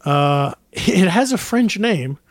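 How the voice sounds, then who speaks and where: A man co-hosting a casual podcast chat, with a voice pitched well above most men's. The recording is dry and close, with no room sound around him. He talks in a jokey, rambling way, filling gaps with ums and uhs. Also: expressive, slow, no echo. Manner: jokey, rambling, with frequent fillers. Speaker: podcast co-host presenting the drink.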